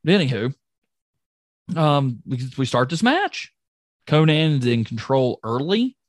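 A man chatting on a podcast, his pitch leaping up and down as he gets worked up. The sound is dry and close, with no room around it. He is excitable and jokey, breaking off mid-sentence and starting over. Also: slow pace, no room sound. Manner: excitable, jokey, trails off and restarts. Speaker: podcast co-host recapping wrestling. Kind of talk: casual chat.

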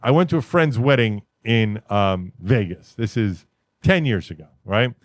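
Laid-back swearing podcast host, dry sound. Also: male voice, fairly low pitch, expressive, unhurried, no echo. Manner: laid-back, swears often, name-drops. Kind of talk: casual podcast chat.

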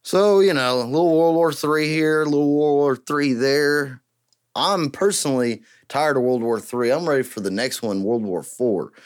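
A man hosting a podcast in a casual, joking, rambling way, getting excited as he riffs. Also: on the high side, normal speed. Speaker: podcast host and guitarist.

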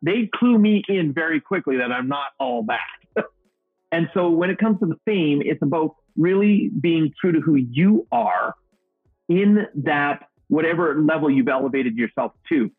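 A middle-aged man with a slightly raised, husky voice tells upbeat stories as a guest speaker. His sound is dry and thin, like a phone-quality remote call, with faint music underneath. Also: fairly high pitch, lively intonation, measured pace, dry recording. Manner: upbeat, self-described goofball, acts out quotes. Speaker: guest, motivational speaker and trainer. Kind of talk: energetic storytelling interview answer.

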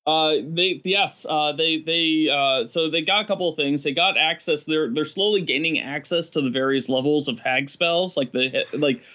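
A man telling stories as a game master in a casual podcast chat, rambling and animated, often laughing. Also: fairly high pitch, moderate pace, hardly any pauses, highs cut off.

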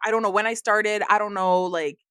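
A woman's voice: medium pitch, steady tone, brisk, a bit bright, clean tone, dry recording, clean studio sound. A young woman co-hosting a podcast in casual chat, tired, laughing often as she talks. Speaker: podcast co-host.

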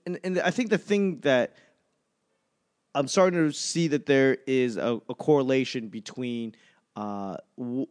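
A man in his thirties hosting a casual solo podcast, rambling and self-mocking with plenty of swearing. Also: medium pitch. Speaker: podcast host.

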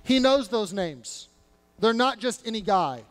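A man with a strikingly high voice preaches a sermon, slipping into casual modern speech to dramatize the scripture. His voice rings out with a long reverb, as if captured in a large church sanctuary. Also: unhurried. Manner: animated preaching, acting out biblical characters in casual modern speech. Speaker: pastor.

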